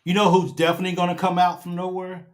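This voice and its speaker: A man's voice: high-pitched, monotone, fast talker. A man hosting a fan show, talking in a casual sports reaction chat, emphatic and repeating himself like a preacher as he builds up. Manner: emphatic, preacher-like repetition, rising to near shouting. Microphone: own camera setup at home.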